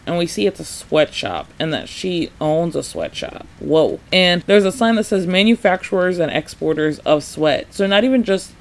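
Man, high voice, casual solo podcast host, chatty, lots of "like", animated. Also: moderate pace, creaky, hardly any pauses. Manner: chatty, says "like" often, laughs a lot; animated, acts out characters' lines.

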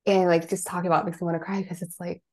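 A woman in her thirties, a guest on an interview show, telling her life story in a casual, animated way, acting out quotes with lively voices. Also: on the low side, racing. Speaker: guest, psychic and life coach.

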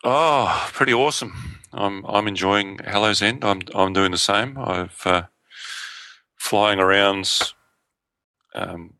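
Deep voiced guy cohost, keen and laughing a lot, dry mic. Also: bright, forceful tone, no echo. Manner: enthusiastic, laughs often, quick asides. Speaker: podcast co-host. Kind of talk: casual chat.

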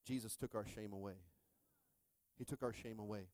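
A middle-aged man preaching a sermon with lively energy, often checking in with the congregation. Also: fairly low pitch, moderate pace, no room sound. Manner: energetic, repeatedly asking "are you with me?". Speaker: pastor.

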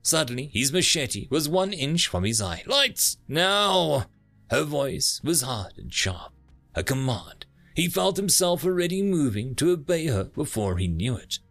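A man narrating a thriller audiobook in a dramatic, low-voiced storytelling manner. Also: very animated, normal speed, soft background music.

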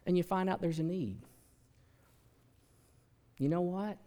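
A man preaching a sermon as pastor, in an animated manner that swings from soft asides to loud, emphatic lines. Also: high-pitched, a little slow. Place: large church sanctuary. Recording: long hall reverb.

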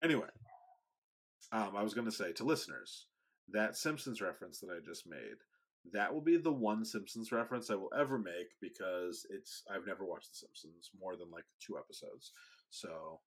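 A man's voice: sits low, expressive, normal speed, husky. A man co-hosting a podcast in casual chat, hesitant and often trailing off. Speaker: podcast co-host.

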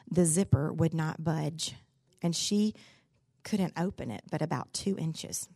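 A woman's voice: lowish voice, vocal fry, dry recording. Folksy woman telling sermon stories. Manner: folksy, candid and humorous. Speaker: speaker, pastor's wife. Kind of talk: sermon-style devotional storytelling.

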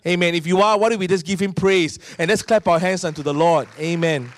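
A middle-aged man with a Singaporean English accent, preaching a sermon in an animated storytelling manner. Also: high voice, brisk. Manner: animated storytelling, acting out voices of people in his stories. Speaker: pastor.

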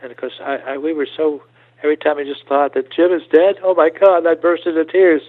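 An older man telling stories as an interview guest, halting often and repeating words as he goes. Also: on the high side, little pitch movement. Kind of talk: storytelling interview. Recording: tinny phone-like line.

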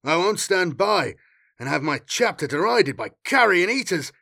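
A man's voice: mid-range voice, animated, moderate pace, a bit bright, no room sound, clean studio sound. A man voicing a proud warrior sergeant who speaks firmly and with control.

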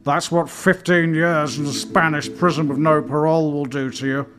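A man's voice: a little high, level tone, moderate pace, voice pushed up, natural voice. A man voicing a vengeful ex-convict swordsman who speaks in a cold, clipped hiss, over music. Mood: bitter. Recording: music playing behind.

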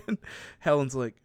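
A man's voice: medium pitch, clean tone, dry recording. Laughing man retelling a story. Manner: laughs often, acts out quoted lines. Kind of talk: casual story recap.

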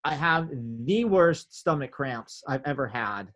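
A man telling a story in casual chat, animated, acting out his own quotes with big jumps in pitch. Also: unhurried.

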